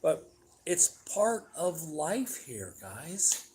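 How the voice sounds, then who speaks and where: Man hosting a home livestream, a touch high-pitched, blunt and rambling, swears casually. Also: sing-song, drawn-out words, darkish tone, a little hiss or hum. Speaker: livestream host.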